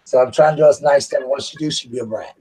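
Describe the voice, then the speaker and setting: Man, husky voice, chatty vlogger who laughs at his own tales. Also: medium pitch, fast talker, dark tone, low-quality recording. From United States. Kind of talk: casual storytelling.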